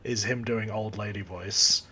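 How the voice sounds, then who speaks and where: A man co-hosting a casual review podcast, halting and laughing often. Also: on the low side, steady tone, sharp tone, slightly rough. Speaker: podcast co-host. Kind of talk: casual film review chat.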